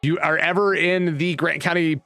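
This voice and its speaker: A man's voice: a little high, fairly even intonation, normal speed, sharp tone, dry recording, faint music behind. A man from Virginia, casually telling a rambling childhood story with restarts and asides. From West Virginia, USA. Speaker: vlogger. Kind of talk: casual storytelling while browsing a map.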